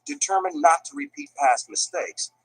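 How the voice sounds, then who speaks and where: Man, documentary narrator, husky, lively pitch, measured delivery. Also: dry recording, low-quality recording. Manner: dramatic, measured storytelling. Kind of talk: scripted narration.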